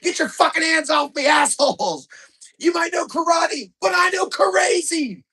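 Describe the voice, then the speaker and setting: Man putting on a furious yelling drunk dad. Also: very high-pitched, lively intonation, unhurried, voice pushed up, full character voice. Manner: yelling profanity. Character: brash angry drunken father, middle-aged man.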